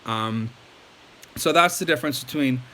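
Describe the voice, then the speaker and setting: A man's voice: mid-range voice, normal speed, pushed and bright, a little hiss or hum. Chatty man teaching casually. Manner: loose and chatty, many ums and likes. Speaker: language teacher. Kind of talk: casual video lesson.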